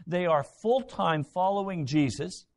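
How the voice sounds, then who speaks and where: A man's voice: sits high, lively intonation, measured pace. A man preaching a sermon, retelling Bible stories with dramatic voices and rhetorical questions. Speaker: pastor.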